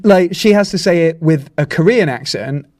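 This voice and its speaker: Playful young Englishman, slightly high voice. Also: lively intonation, moderate pace, darkish tone. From England. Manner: rambling, playful, laughs often. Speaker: podcast co-host. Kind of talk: casual chat.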